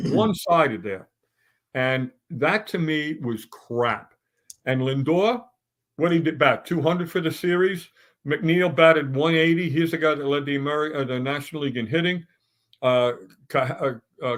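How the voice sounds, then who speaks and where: A man's voice: on the high side, a bit bright. A middle-aged man on a sports talk round table, ranting bluntly and stumbling through restarts as he builds his points.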